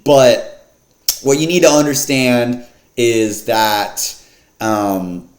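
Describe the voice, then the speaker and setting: A man's voice: medium pitch, extremely slow. A man casually breaking down an MMA fight card in slangy, filler-heavy talk. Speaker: MMA fight picks vlogger. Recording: echoey room.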